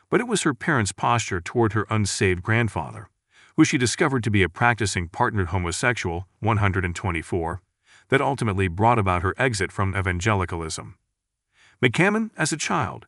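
An automated male voice reading a magazine article in a measured, scripted way. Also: fairly low pitch, fairly bright tone, no room sound, studio quality. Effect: synthetic text-to-speech voice. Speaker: article reader.

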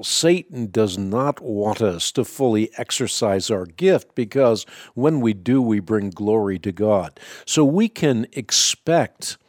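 A man hosting a call-in radio show, answering a caller's Bible questions in a measured, emphatic teaching tone. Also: fairly low pitch, a little mellow, dry recording, studio quality. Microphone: studio microphone.

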